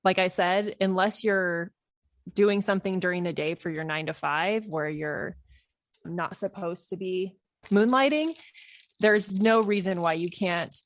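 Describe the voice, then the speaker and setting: A woman's voice: fairly low pitch, measured pace, no room sound. A woman podcast host giving casual, conversational business advice in a Q&A episode, laughing easily. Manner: conversational, laughs often, advisory.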